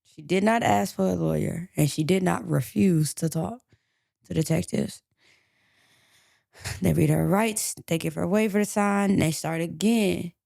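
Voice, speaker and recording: A woman co-hosting a podcast, telling a true crime story in an animated way and acting out the quotes. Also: on the low side, unhurried, creaky, dry recording, clean studio sound. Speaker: podcast co-host.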